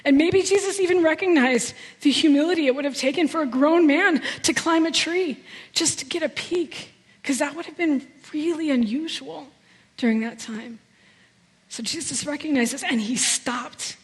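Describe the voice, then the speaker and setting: A woman's voice: high-pitched, moderate pace, long reverb tail. A woman giving a sermon, telling a personal story in an earnest, heartfelt way. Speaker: guest preacher. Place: church sanctuary.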